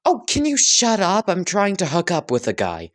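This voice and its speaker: Flustered, shrill mom, as a male narrator puts her on, rushing to cover herself. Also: a bit bright. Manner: high-pitched, rushed and flustered. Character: flustered scatterbrained mother.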